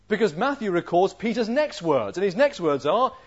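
A preacher with a fairly high male voice works through a passage, firing off rhetorical questions. He climbs to loud emphasis and then drops to a near hush. The recording sounds dull and lo-fi. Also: sing-song, fairly quick, hardly any pauses, breathy edge. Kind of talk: expository sermon.

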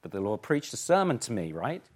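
Emphatic preacher. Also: male voice, on the low side, very animated, fairly quick. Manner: emphatic preaching, rhetorical questions, swings between loud and quiet. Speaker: pastor. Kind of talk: sermon.

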